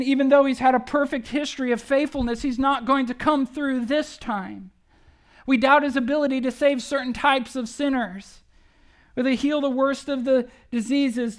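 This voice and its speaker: Animated conversational preacher. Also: high-pitched. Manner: conversational preaching with many rhetorical questions; animated, acts out quoted speech. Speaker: pastor. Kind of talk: sermon.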